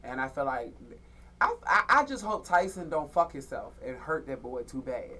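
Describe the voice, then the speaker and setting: A woman's voice: rumbling low, lively intonation, normal speed, fairly bright tone. A woman co-hosting a radio talk show, chatting casually with blunt, profane remarks and frequent laughter. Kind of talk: casual chat.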